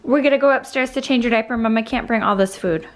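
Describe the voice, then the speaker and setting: A woman filming a casual daily vlog at home, chatting to the camera and gently to her toddler. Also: fairly high pitch, quick pace. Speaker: mom vlogger. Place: family home, indoors. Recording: noisy home camera recording.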